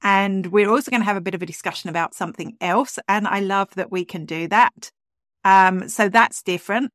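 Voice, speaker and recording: A woman's voice: mid-range voice, fairly quick, a bit bright, no echo, clean studio sound. A woman hosting a podcast, chatting in an upbeat way with lots of asides. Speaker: podcast host. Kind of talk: casual chat.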